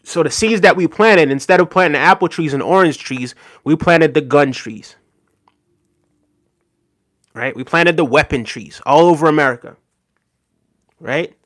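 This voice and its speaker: A man's voice: a little high, a little slow, pauses often, fairly bright tone, dry recording, clean studio sound. A man hosting a live stream, reading viewers' chat messages aloud and answering them earnestly, often ending with "right?". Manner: earnest, repeats "right?", thanks chatters by name. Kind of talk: casual live chat commentary.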